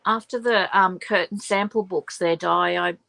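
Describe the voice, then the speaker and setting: A woman's voice: fairly low pitch, steady tone, moderate pace, gravelly, fairly bright tone, dry recording, poor audio. A woman hosting a papercraft livestream, muttering to herself as she works and chatting with viewers. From Australia. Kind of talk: casual crafting livestream chat.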